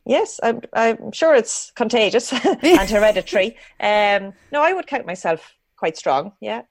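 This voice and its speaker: A woman's voice: a little high, expressive, measured pace, creaky, no room sound, clean studio sound. A woman with a rural Irish accent, a guest answering interview questions and laughing often as she talks. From Ireland. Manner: warm, laughs often while talking. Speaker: guest, dressage rider. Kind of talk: casual interview chat.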